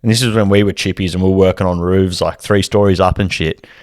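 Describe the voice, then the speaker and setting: A man's voice: low voice, steady tone, fast talker, darkish tone, no room sound, clean studio sound. A man, co-hosting a podcast with frequent laughs and sweary banter. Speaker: podcast co-host. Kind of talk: casual chat.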